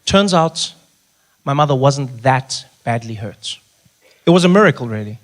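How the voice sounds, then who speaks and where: A man doing stand-up comedy, animated and exasperated, acting out dialogue. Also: medium pitch, normal speed.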